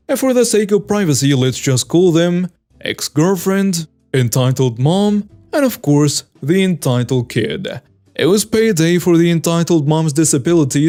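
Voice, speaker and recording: A man narrating a first-person story in a steady, scripted read-aloud delivery. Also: fairly high pitch. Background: faint background music.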